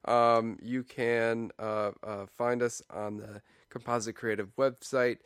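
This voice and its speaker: Male podcast co-host, crisp voice, casual and goofy, filler-heavy. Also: mid-range voice, level tone, takes it slowly, no echo, studio quality. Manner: rambling, full of fillers, playful. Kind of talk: casual joking podcast chat.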